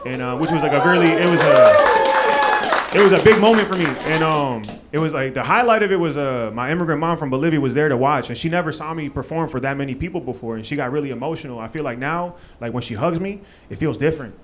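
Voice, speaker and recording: A man's voice: a little high, expressive, fast talker, over a noisy crowd, heavy background noise. A man from Maryland doing a stand-up comedy set on a club stage, loose and profane with lots of fillers. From Maryland, USA.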